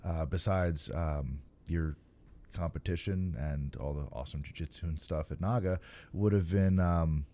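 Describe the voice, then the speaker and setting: A man hosting a podcast, giving relaxed, opinionated takes in casual chat, with many fillers and stammered starts. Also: sits low, moderate pace. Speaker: podcast host.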